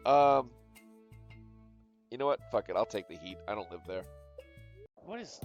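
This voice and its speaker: A man's voice: on the low side, animated, measured pace, long pauses, dull audio, faint music behind. A man streaming games, giving casual commentary and joking, swearing and muttering as he plays. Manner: joking, swears freely, hums and mutters while playing.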